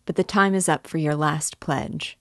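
A woman's voice: sits low, steady tone, normal speed, a bit bright, no room sound, studio quality. A woman voicing a severe old pawnbroker woman. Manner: severe and curt.

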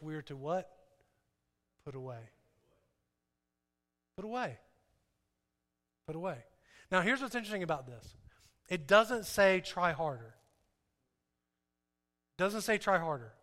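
A pastor with a high, sharp voice preaches emphatically in a reverberant hall, asking listeners questions and repeating his key points.

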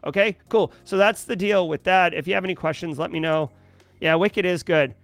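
A man's voice: high voice, normal speed, creaky, dry recording, faint music behind. A man with a Boston accent hosting a daily cybersecurity livestream, chatting casually with many fillers and greeting viewers from chat. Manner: conversational, many fillers, reads chat aloud.

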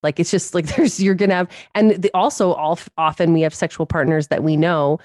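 A woman's voice: on the low side, steady tone, fairly quick, darkish tone, no room sound, clean studio sound. A woman co-hosting a casual podcast, talking candidly and self-deprecatingly, laughing often and restarting her sentences. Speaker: podcast co-host.

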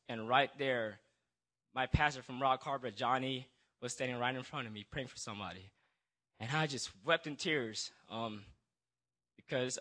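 Holding a microphone at a church gathering, a young man shares his testimony, stumbling nervously through restarts and apologies. He speaks with a bright, forceful tone at medium pitch.

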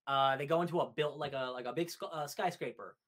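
A young man co-hosting a casual podcast review, animated, recapping scenes and acting out quotes. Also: medium pitch, fast. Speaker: podcast co-host.

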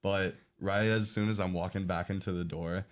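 Deep-voiced young podcast co-host. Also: male voice, moderate pace, slight background noise. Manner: relaxed anecdotal storytelling. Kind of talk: casual sports chat.

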